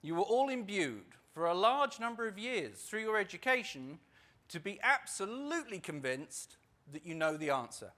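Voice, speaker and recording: A man's voice: sits high, very animated, moderate pace, sharp tone. A man introducing a group exercise to a live audience in a wry, self-deprecating way, repeating words for emphasis. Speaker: workshop facilitator. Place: conference session room.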